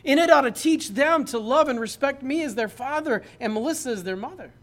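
A man's voice: extremely high pitch, animated, brisk. A man, a pastor, preaching a sermon in a conversational, joking way that builds to emphatic points.

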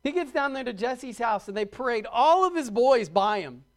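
A man's voice: extremely high pitch, expressive. A middle-aged man preaching a sermon as a pastor, building emphasis and acting out short asides. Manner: preaching with rising emphasis and quick acted-out asides.

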